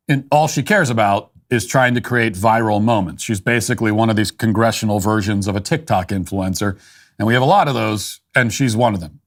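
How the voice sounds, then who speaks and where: Blunt man with a dismissive monologue. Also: lowish voice. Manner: blunt, dismissive, frequent restarts and fillers. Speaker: political commentator. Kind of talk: opinionated monologue.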